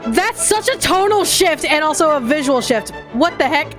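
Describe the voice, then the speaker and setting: High-voiced woman making blunt, wry asides. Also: animated, normal speed, music in the background. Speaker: streamer reacting to a game showcase. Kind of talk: casual reaction commentary. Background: showcase audio playing underneath.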